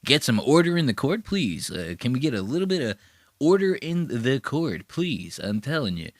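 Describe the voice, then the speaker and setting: A man imitating a calm, polite male lawyer trying to moderate a shouting match, speaking softly and hesitantly. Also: mid-range voice, moderate pace, dry recording, studio quality. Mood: pleading.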